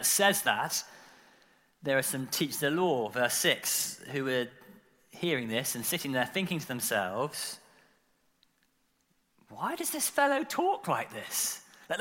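Bright-voiced male preacher in a reverberant hall. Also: mid-range voice, normal speed. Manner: animated storytelling with frequent filler and repeated words. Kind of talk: sermon. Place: church.

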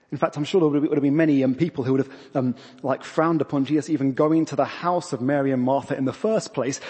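Husky preacher in an echoing church. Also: male voice, mid-range voice, darkish tone. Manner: conversational, self-deprecating, with acted asides. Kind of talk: sermon. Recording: long reverb of a church hall.

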